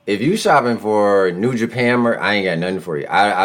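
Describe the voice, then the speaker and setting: A man hosting a casual podcast from a room at home, excitable and joking, with big swings in pitch and loudness. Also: moderate pace, hardly any pauses. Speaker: podcast host. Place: room at home with a door nearby.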